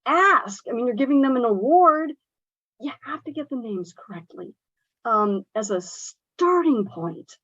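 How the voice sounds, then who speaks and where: A woman's voice: a little high, expressive, a little slow, fairly bright tone, no echo, muffled recording. A woman who teaches English as a second language, speaking earnestly and emphatically with many fillers in a workshop discussion. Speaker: ESL instructor.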